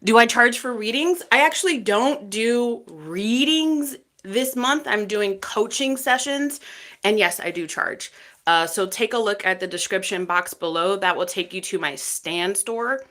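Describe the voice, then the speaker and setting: With a medium-pitched voice, lively intonation and a measured pace, this Texan woman runs a tarot livestream in a chatty, casual way. She fills her talk with fillers and warmly greets each viewer by name as they join.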